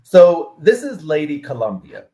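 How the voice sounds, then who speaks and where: A middle-aged man giving a keynote speech, telling stories and acting out quotes with a lively voice. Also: a little high, unhurried. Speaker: keynote speaker.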